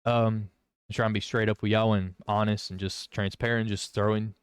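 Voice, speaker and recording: A man's voice: lowish voice, flat delivery, normal speed, clean tone, no room sound, studio quality. Young man sharing his testimony, candid and rambling, with a clean, resonant voice. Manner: rambling, candid, many fillers and restarts. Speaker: vlogger. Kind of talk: personal testimony.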